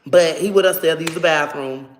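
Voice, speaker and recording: A woman telling a personal story to her viewers in a casual, animated and profane way. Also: sits low, brisk, slight background noise. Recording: roomy echo.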